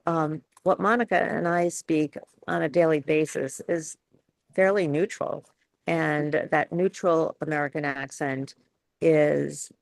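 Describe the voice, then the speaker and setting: A woman's voice: low-pitched, gravelly, no echo. A woman from New York, a speech coach, leading a chatty webinar Q and A with many restarts and laughs.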